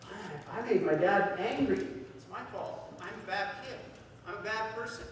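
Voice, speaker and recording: A man putting on a small, tearful four-year-old boy who hushedly blames himself, his voice lifted higher. It sounds far off, ringing through a large echoey hall. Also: normal speed, background noise, lightly acted. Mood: self-blaming. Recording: echoey hall, distant mic.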